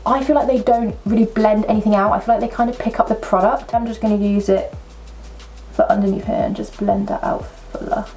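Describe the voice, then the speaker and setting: A young woman, chatting her way through a makeup tutorial at home with excitable, self-mocking asides. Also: medium pitch, fairly quick, gravelly. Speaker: makeup vlogger. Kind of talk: casual makeup tutorial chat. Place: at home at a table.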